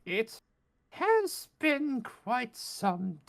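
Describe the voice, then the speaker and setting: Old witchy crone voice from a guy dm, way up high, drawn out and slow, asking favors. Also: big pitch swings, creaky, heavily acted. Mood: wheedling. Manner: slow, drawn-out, wheedling speech. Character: ancient decrepit hag crone, female, scheming.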